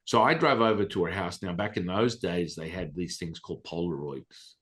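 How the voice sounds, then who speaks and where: A man telling a personal story as a podcast guest, animated and excitable, with casual profanity. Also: low-pitched, normal speed.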